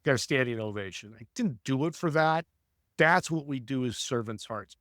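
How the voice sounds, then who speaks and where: A man guest telling animated stories in an interview, acting out voices as he speaks. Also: medium pitch, normal speed, dry recording, studio quality. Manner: animated, acts out voices in anecdotes. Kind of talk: storytelling interview talk.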